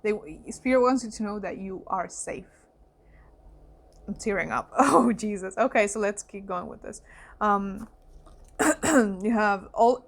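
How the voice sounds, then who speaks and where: A young woman reads tarot cards in a loose, chatty way, full of fillers and exclamations. Her voice is of middling pitch and often falls to a soft, hushed aside when she gets emotional. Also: unhurried, vocal fry, long pauses. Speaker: psychic tarot reader. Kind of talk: casual spoken card reading.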